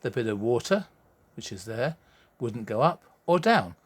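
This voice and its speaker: A man's voice: mid-range voice, very animated, unhurried. A man gives a lighthearted science lesson, cracking puns as he explains things step by step. His voice sits in a middle range and carries a noticeable room echo. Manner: jokey, punning, explaining while drawing. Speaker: science teacher. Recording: roomy echo.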